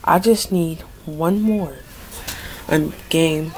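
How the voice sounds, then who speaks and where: A woman's voice: lowish voice, measured pace, darkish tone. A young woman giving casual gameplay commentary, dramatic and pleading, complaining that luck is against her. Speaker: gaming video creator.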